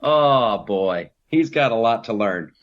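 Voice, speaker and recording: A man's voice: on the low side, lively intonation, slow, lo-fi sound. A man hosting a comedy podcast, riffing in a casual, mocking way and mimicking politicians.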